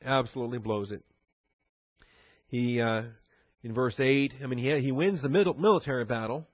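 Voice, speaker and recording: A man teaching a Bible passage verse by verse in a conversational sermon style, with animated, sarcastic asides. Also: mid-range voice, normal speed, dry recording, muffled recording.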